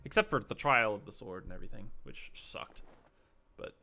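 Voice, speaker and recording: A young man casually commenting while he plays a video game, chatting to viewers and reacting aloud with easy excitement. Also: on the low side, moderate pace, soft background music. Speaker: streamer. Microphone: headphones and desk mic.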